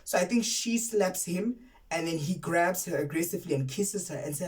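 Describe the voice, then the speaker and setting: Low-voiced woman reviewing a series. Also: moderate pace, recorded from a distance, low-quality recording. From South Africa. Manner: emphatic, repeats words for effect; outraged and candid. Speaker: TV series reviewer, content creator. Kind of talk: casual spoken review to camera.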